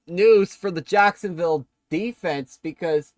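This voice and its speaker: Excitable streamer calling a game, dry close mic. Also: male voice, fairly high pitch, normal speed, dry recording. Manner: casual, self-correcting, bursts of excitement on big plays. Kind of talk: play-by-play game commentary.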